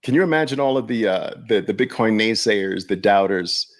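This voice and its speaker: A man's voice: on the low side, expressive, normal speed. A man hosting a podcast in casual livestream talk, chatting loosely and speaking straight to his viewers. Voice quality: gravelly. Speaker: podcast host.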